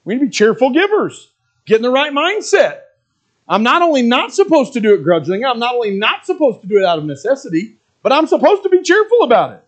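A man's voice: very high-pitched, very animated, quick pace. A middle-aged male pastor preaching a sermon, earnest and plain, who slips into mocking asides as he quotes reluctant givers.

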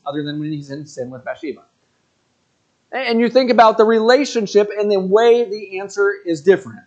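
A man in his forties preaches in a church in a notably high voice. He talks in a conversational, joking way and keeps turning aside to the congregation. The recording sounds dull and lo-fi. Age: 40s. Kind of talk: sermon.

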